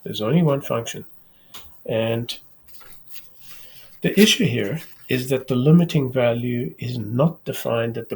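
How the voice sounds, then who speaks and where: A man hosting his own math channel, giving a halting whiteboard lecture and checking in with "okay?" again and again. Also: medium pitch, creaky, darkish tone, breathy edge. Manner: slow, halting, repeats words, says "okay?" often.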